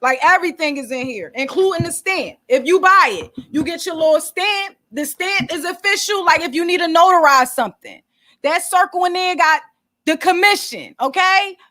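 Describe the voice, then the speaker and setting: A woman's voice: very high-pitched, bright, forceful tone, dry recording, clean studio sound. A woman hosting a casual commentary vlog, blunt and profane as she walks her viewers through business details. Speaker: commentary channel host.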